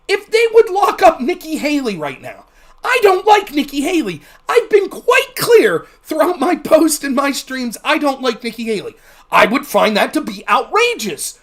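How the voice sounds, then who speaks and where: A man's voice: extremely high pitch, fairly bright tone. A man hosting a livestream, giving heated, sarcastic, profane political commentary. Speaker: livestream host.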